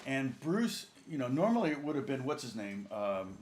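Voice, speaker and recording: A man's voice: mid-range voice, sing-song, normal speed, darkish tone, a little hiss or hum. Rambling man telling a session story. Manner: rambling, self-correcting, chuckling anecdote. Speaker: guitar teacher and channel host. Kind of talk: casual storytelling in a lesson.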